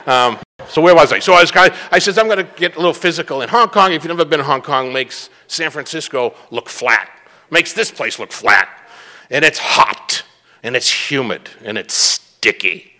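Man, middle-aged, from the Boston area, recovery meeting speaker, rambling storyteller, bright tense tone. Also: mid-range voice, animated, normal speed, long reverb tail. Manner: rambling, self-mocking storyteller with restarts. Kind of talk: personal testimony talk.

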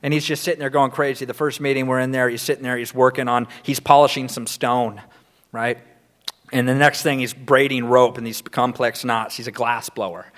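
A man sharing his recovery story as a sponsor, telling it candidly, acting out quotes and laughing through dark moments. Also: mid-range voice, level tone, brisk.

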